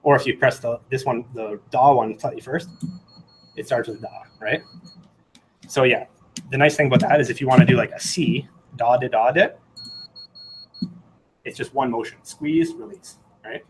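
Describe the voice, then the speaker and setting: A man talks a small meetup audience through a hands-on gadget demo at a middling pitch. His talk is loose and rambling, full of "um"s and restarts. Now and then he sings out rhythms as he goes. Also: fairly even intonation, moderate pace, background noise. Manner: rambling, many fillers and self-corrections, sings out Morse rhythms. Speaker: meetup presenter. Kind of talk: casual technical talk with live demo. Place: meetup room.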